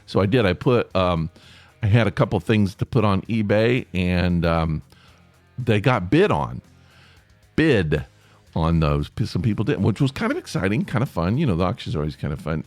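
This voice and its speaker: A man's voice: deep voice, no echo. A man hosting a podcast, talking in a casual, rambling solo monologue with lots of fillers and restarts. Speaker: podcast host.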